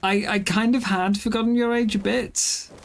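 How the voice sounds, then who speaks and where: A man in his thirties streams a game and chats casually with viewers in a high, steady, gravelly voice at normal speed, with a little hiss or hum. Tired and yawning after an early start, he rambles self-deprecatingly.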